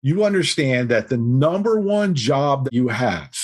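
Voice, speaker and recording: Animated husky male storyteller. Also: medium pitch, a little slow. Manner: animated, self-deprecating anecdote telling. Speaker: podcast guest. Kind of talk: storytelling in conversation.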